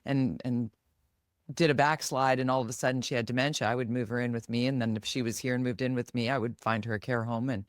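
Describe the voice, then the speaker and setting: A middle-aged Canadian woman co-hosting a podcast, talking in a lively, animated way and acting out quoted voices. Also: a bass voice, fast, no echo, clean studio sound. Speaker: podcast co-host. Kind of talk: casual chat.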